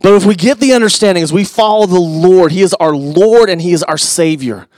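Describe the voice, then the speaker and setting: The voice of this middle-aged male pastor sits high, and he preaches fairly quickly in a dry recording. He's conversational, aiming asides at the congregation and swinging from loud emphasis into hushed near-whispers.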